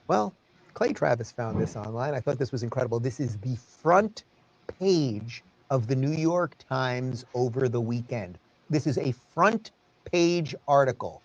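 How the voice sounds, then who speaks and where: A male host delivers opinion commentary in a sarcastic, animated manner. His voice is somewhat husky. His pitch moves around a lot. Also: unhurried, dull audio.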